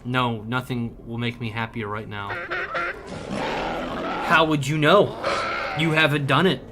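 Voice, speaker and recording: A young man livestreaming a game, bantering loudly and profanely with his chat and joking around. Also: mid-range voice, steady tone, a little slow, heavy background noise. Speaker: streamer. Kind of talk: casual livestream chat while gaming.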